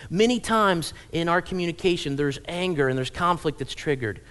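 A man's voice: on the high side, lively intonation, moderate pace, a bit bright, smooth. A male pastor giving a conversational, humorous sermon in a church, often checking in with the congregation. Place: church sanctuary.

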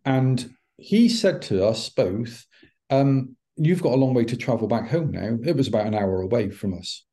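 A middle-aged man, a podcast guest, telling a personal story in an animated way and acting out the dialogue. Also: mid-range voice, normal speed. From United Kingdom. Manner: animated, acts out quoted dialogue. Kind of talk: anecdotal storytelling.

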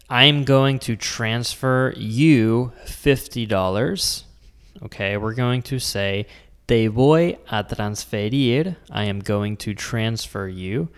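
A man from the United States teaching Spanish words in a patient, explaining lesson, slowing down to spell out each word. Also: medium pitch, a bit bright, clean tone, big-room sound. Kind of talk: scripted language lesson.

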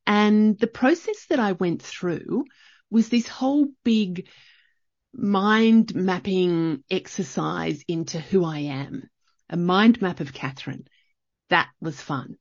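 A middle-aged woman talks through her thoughts in a chatty, reflective solo podcast, often circling back and restarting. Her voice sits a little low and has a husky edge. The recording is dry and slightly dull. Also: slow, darkish tone, no room sound. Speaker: podcast host.

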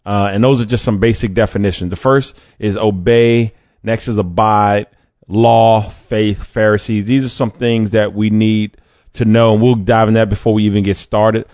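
Man, podcast host, faith teaching, low voice, dry slightly dull sound, casual rhetorical questions. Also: steady tone, moderate pace, a little mellow, no echo. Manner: conversational, uses fillers and restarts, rhetorical questions.

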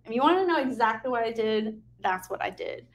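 A woman's voice: a little high, expressive, fairly quick. A woman who works as an occupational therapist, giving candid career advice in a frank, emotional way and swearing now and then. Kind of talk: candid unscripted advice talk.

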